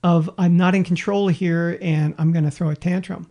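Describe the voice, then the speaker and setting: A man's voice: sits high, normal speed, highs cut off. A man co-hosting a casual podcast chat, rambling and acting out quotes as he tells stories. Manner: rambling, animated storyteller with acted-out quotes. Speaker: podcast co-host.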